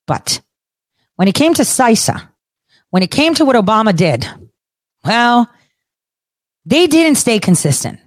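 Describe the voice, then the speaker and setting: A woman's voice: lowish voice, darkish tone, dry recording, clean studio sound. A middle-aged woman giving a solo political commentary, emphatic and repetitive, asking herself rhetorical questions.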